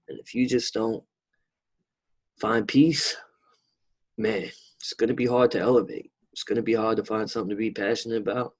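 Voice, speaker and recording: Husky New man chatting casually. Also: mid-range voice. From New York. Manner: laid-back, rambling, swears freely. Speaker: podcast co-host. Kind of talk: casual chat.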